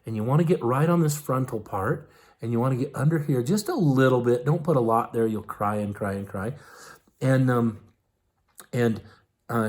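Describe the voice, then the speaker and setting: Brief: man, mid-pitched, folksy teacher demonstrating on himself, chatty, lots of fillers. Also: a little mellow. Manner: casual, folksy, with many fillers and "okay?" check-ins. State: eyes tearing up from ointment vapors. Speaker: herbal health teacher. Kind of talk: hands-on demonstration lesson.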